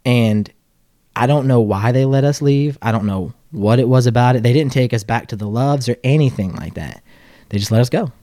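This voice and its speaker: A man hosting a casual podcast chat, telling a short story and asking relaxed questions. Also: medium pitch, moderate pace, no echo, studio quality. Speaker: podcast host.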